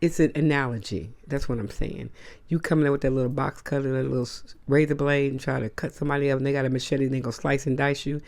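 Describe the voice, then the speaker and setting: A woman's voice: extremely low pitch, steady tone, fast, creaky, darkish tone. A woman hosting a casual monologue to camera, blunt and emphatic, with slangy asides. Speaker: host.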